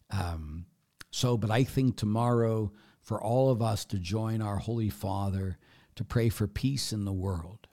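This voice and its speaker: A man's voice: lowish voice, warm tone. A man, a priest answering viewer questions in a casual live Q&A, blunt and chatty with many fillers. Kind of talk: casual live Q&A, reading comments aloud.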